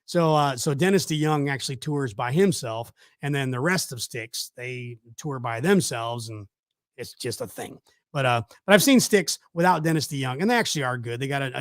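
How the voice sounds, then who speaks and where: A man's voice: fairly high pitch, no echo, clean studio sound. A middle-aged man hosting a casual live show, rambling with many fillers and restarts. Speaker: host. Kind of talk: casual chat on a live stream.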